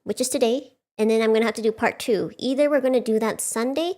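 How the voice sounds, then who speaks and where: A woman's voice: a little high, fast, dark tone. Bubbly woman hosting a book club stream. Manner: chatty, bubbly, laughs often. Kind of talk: casual livestream chat.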